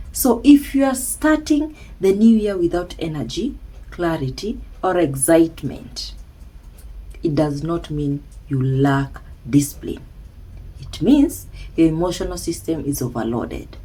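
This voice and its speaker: Woman self-help speaker, slow and deliberate, husky mellow tone, lively pitch. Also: poor audio. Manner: slow, emphatic, with dramatic pauses and hushed asides. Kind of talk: slow reflective monologue.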